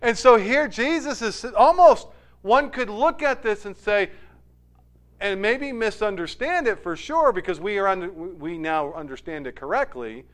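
A man preaching with a high, smooth voice. He retells the scene dramatically, building up loud for emphasis and then dropping soft and low. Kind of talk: sermon.

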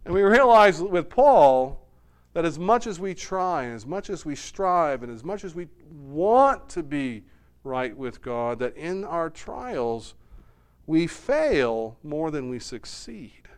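A man preaching a sermon with a smooth, resonant voice that sits a little high. He speaks earnestly and slows down to stress his main points. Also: very animated. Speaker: pastor.

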